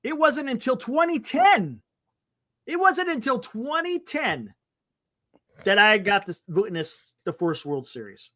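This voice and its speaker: Male sports-talk co-host with a lively, swinging delivery and a bright tone; animated and exclamatory. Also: very high-pitched, slow pace, dry recording, clean studio sound. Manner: animated, exclamatory, calming others down. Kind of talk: casual sports chat.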